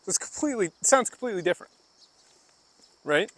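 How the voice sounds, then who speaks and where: Guy chatting on a walking livestream, kinda high voice, loose and talky, bugs chirping outside. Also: expressive, fast talker, fairly bright tone, no room sound. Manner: chatty, loose and conversational, demonstrating Japanese phrases. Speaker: vlogger livestreaming while walking. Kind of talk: casual livestream chat while walking, answering chat. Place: outdoors, rural path near woods.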